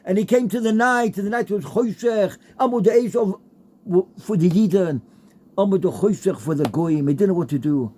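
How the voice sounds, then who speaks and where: Higher-voiced man giving a heartfelt Torah talk. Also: moderate pace, warm tone. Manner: heartfelt, repetitive, mixes Hebrew and Yiddish terms. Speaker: Torah speaker.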